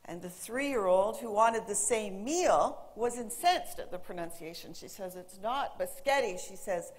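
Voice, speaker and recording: A woman who speaks English natively, giving a lively, emphatic stage talk and quizzing her audience. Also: mid-range voice, measured pace.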